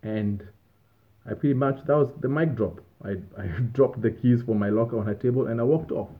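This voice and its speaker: A man's voice: medium pitch, normal speed. A man telling casual stories from his student days, rambling and laughing as he goes. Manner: laughing, rambling, self-amused. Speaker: vlogger. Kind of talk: casual storytelling. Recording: tinny phone-like audio.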